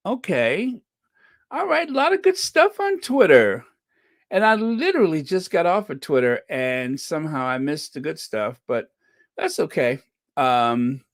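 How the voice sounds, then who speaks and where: A man hosts a live stream and chats casually, greeting viewers one by one with jokey asides. His voice sits fairly high, and his speech is slow and unhurried. The sound is dry and close. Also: no echo.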